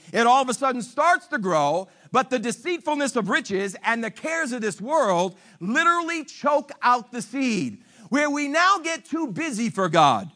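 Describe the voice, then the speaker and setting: Man preaching, very high for a man, lively and swooping, emphatic, teasing. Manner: animated, emphatic, teasing the congregation. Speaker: pastor. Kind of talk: sermon.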